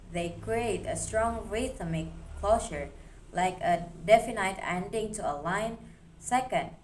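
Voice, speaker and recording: A woman's voice: mid-range voice, a little hiss or hum. A young woman student giving a recorded class presentation, explaining steadily as she reads through her slides.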